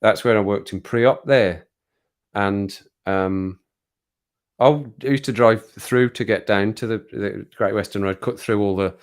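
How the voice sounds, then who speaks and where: A man's voice: fairly low pitch, smooth. A man with a Midlands accent from England, rambling casually on a live stream, chuckling and poking fun at himself. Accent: Midlands English. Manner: rambling, chuckling, self-mocking.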